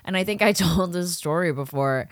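A woman's voice: fairly low pitch, moderate pace, dry recording, clean studio sound. A woman co-hosting a podcast, chatting casually and telling profane stories with lots of quoted voices. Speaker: podcast co-host. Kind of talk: casual chat.

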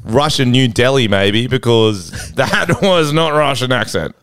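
A man's voice: mid-range voice, expressive, unhurried, a bit bright, smooth, no room sound. A young Australian man co-hosting a podcast, crude and swearing, laughing often in casual chat. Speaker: podcast co-host.

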